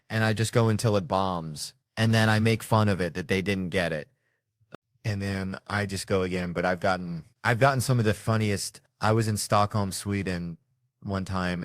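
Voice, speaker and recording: A deep-voiced American man chats as a comedian guest. He rambles through stories with self-mocking asides. The sound is close and dry. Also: no echo. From United States. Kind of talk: casual storytelling chat.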